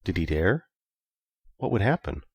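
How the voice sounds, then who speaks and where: A man narrating an audiobook in a steady, even storytelling manner. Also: low-pitched, unhurried, slightly rough, no echo. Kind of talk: scripted narration.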